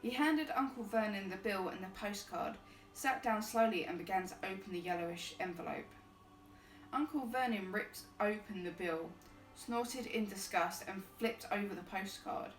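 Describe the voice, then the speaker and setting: A woman reads a storybook aloud in a relaxed, easygoing way, chatting between pages. Her voice sits at a middle pitch and sounds roomy and a little distant from the mic, with soft music playing underneath. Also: normal speed. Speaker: streamer reading stories.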